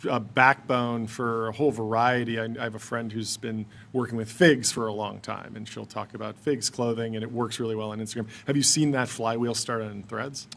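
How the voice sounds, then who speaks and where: A man with a mid-pitched voice co-hosts a casual tech podcast. He asks long, rambling questions and jumps in often with quick agreement. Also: fairly even intonation, creaky, fairly bright tone. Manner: eager, lots of quick agreement. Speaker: podcast co-host.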